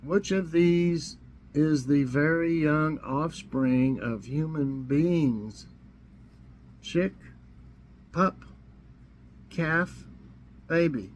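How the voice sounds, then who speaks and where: A man from Tennessee hosting a casual trivia vlog, a little hoarse, easygoing and chuckling to himself. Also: on the high side, drawn-out words, long pauses, slight background noise, poor audio. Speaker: vlog host. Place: warm room indoors.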